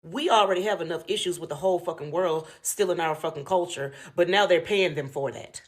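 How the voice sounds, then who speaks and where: A woman's voice: on the low side, fairly quick. An American woman giving a blunt, heavily profane rant as commentary. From United States. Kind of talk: ranting commentary.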